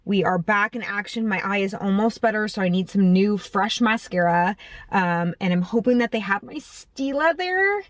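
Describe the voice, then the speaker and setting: A thirty-something vlogger talks chattily to her phone from a parked car, teasing herself and rambling with fillers. Her medium-pitched voice is expressive and moves at normal speed, and the recording is dry.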